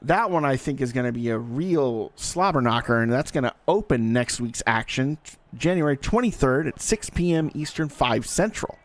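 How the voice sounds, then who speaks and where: A man's voice: mid-range voice, animated, moderate pace. A man giving live play-by-play commentary on a simulated football game in a folksy, joking manner that talks straight to the audience.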